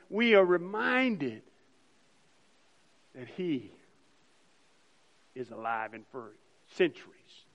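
A male pastor delivers an Easter sermon in a fairly high voice. He talks in an animated way, rising to loud emphasis and dropping to soft, hushed lines. The recording sounds dull and lo-fi. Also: long reverb tail.

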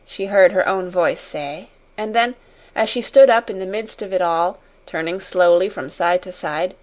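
A woman narrating an audiobook chapter in a measured, unhurried reading. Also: lowish voice. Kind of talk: scripted storybook narration.

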